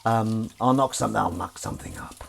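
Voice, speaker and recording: Man, lowish and very animated, rambling self-deprecating chat over a kitchen sink, faint dish clatter. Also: moderate pace, vocal fry, a little hiss or hum. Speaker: live streamer. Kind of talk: casual chat. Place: home kitchen, washing up at the sink. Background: clinking dishes and pans.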